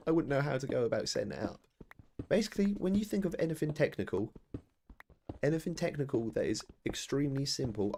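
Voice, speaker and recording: A man's voice: mid-range voice, a little mellow, a little hiss or hum. A British man in his thirties chatting casually to viewers during a live game stream, rambling and self-deprecating. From Britain.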